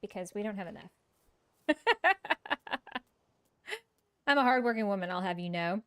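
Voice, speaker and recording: A woman's voice: medium pitch, fast, fairly bright tone, clear, resonant tone. A woman streaming a game, chatting casually with viewers in a chatty, self-mocking way and laughing often. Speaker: live-streaming gamer. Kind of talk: casual gameplay chat with viewers.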